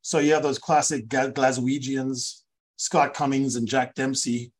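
A man's voice: mid-range voice, level tone, a little slow, slightly rough. A man co-hosting a rugby podcast, chatting casually and spinning playful, jokey stories. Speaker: podcast co-host, rugby expert.

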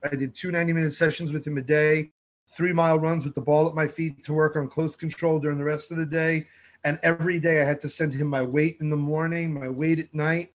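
A man tells stories in a relaxed interview, voicing the people he quotes. His voice sits a little high for a man. His delivery is lively and conversational. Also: brisk. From New York. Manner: animated storyteller, acts out quotes. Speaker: TV food show host, guest.

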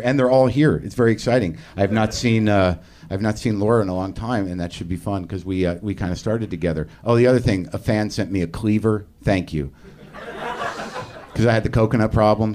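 Rambling, profane comedy podcast host. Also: male voice, lowish voice, brisk, a little mellow, a little hiss or hum. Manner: rambling, profane, self-deprecating. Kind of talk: live stand-up-style monologue. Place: comedy theater stage, live audience.

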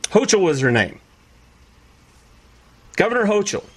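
Man, preacher, commentary on clips, incredulous, acts out voices, high voice, very lively pitch. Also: moderate pace.

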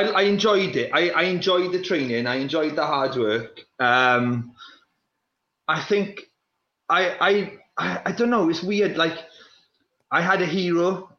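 A young man, a former runner, talking in a casual chat, restless and repeating himself in quick bursts. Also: on the high side, bright, forceful tone. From Wales. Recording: roomy, dull lo-fi sound.

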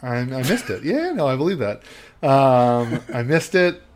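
A man's voice: mid-range voice, big pitch swings, measured pace, a little hiss or hum. A man co-hosting a podcast, recapping a film in casual chat and rambling with lots of ums. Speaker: podcast co-host.

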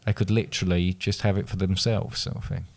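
Low-voiced man hosting a quiz. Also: little pitch movement, a little fast, creaky, a little mellow. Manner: teasing, reads questions aloud with restarts. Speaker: quiz host. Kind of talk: casual quiz chat.

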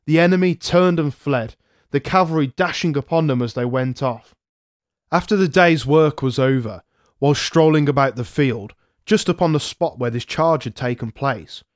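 A man narrating a historical memoir aloud, in a measured first-person storytelling manner. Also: fairly high pitch, dry recording, studio quality. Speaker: podcast narrator.

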